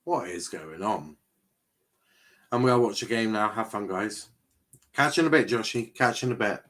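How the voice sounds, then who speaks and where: With a fairly low, slightly bright voice at a moderate pace, a young man streams a live football match as a watchalong host. He chats with viewers, reacts to the action, and reads their messages aloud.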